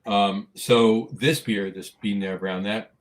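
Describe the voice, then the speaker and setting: Halting low-voiced man on a podcast. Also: steady tone. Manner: halting, many "uh" fillers, searching for words. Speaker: podcast co-host. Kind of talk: casual chat.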